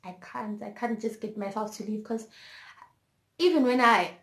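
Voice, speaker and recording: A young woman vlogger with a Zulu-inflected South African accent tells a candid, emotional storytime, mixing English with Zulu. Her voice is a little high and she speaks at a moderate pace, with roomy echo around her.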